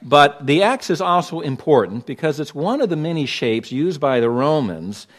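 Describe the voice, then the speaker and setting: A man's voice: a little high, expressive, moderate pace. Emphatic man preaching a sermon. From Los Angeles. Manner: emphatic, pointed preaching with sudden loud stresses. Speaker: pastor.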